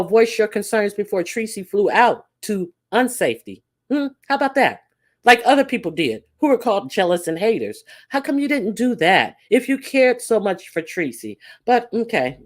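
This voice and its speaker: A woman's voice: mid-range voice, darkish tone. A woman hosting a live stream, giving sassy, incredulous commentary with frequent "uh" fillers while greeting viewers in the chat.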